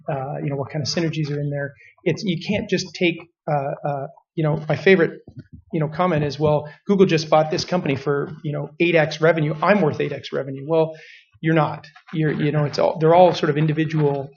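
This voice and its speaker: Slightly higher-voiced male panelist. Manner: measured, filler-heavy explaining. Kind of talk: panel discussion. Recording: muffled lo-fi with faint noise.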